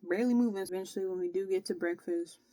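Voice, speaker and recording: A woman's voice: mid-range voice, fast talker, no echo. Slangy young woman telling a story. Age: young adult. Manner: slangy, animated retelling with frequent "bro" and "like". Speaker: vlogger. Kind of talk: casual storytelling vlog.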